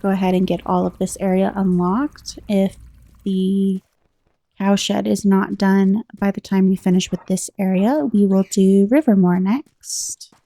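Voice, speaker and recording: An American woman giving relaxed, rambling commentary while playing a game, chatting to her viewers. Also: mid-range voice, a little slow, no echo. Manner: chatty, rambling, reads game text aloud. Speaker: gameplay commentator.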